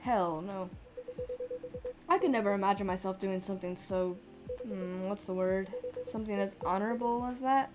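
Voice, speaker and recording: A woman voicing a calm, dry-witted male vampire customer in a cozy game, with a teasing manner over game music. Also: mid-range voice, moderate pace, close to an everyday voice.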